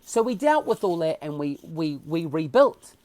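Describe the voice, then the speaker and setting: A man with a New Zealand accent, a podcast guest telling stories in a casual interview with animated, emotional delivery. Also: a little high, normal speed, no echo.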